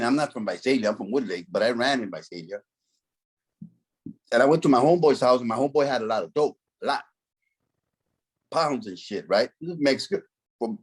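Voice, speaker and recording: This is a middle-aged man from Central California with a husky, slightly rough voice. He speaks in a loose, streetwise way and peppers his stories with curses and Spanish slang. He sounds like a former gang member recounting old times in an unhurried interview. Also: medium pitch. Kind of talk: casual storytelling.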